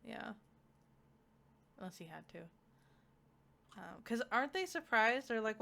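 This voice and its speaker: A woman with a bright, gravelly voice, chatting loosely in a relaxed book club talk. She laughs often and speaks in a low-ish register, with a faint hum of room noise around her. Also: measured pace, pauses often. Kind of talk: casual book club chat.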